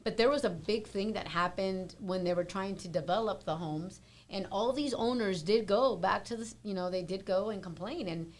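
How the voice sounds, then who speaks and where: A woman's voice: mid-range voice, moderate pace, hardly any pauses. A woman on a casual panel chat, earnestly explaining her own view at length.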